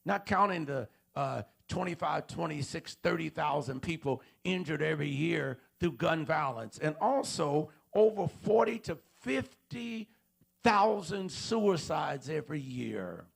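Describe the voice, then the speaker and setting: A man preaches a sermon in a church auditorium, asking the congregation questions again and again. His voice is rough and gravelly with a husky edge. He speaks a little higher than most men. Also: expressive, unhurried. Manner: call-and-response preaching, repeats questions to the congregation. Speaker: pastor.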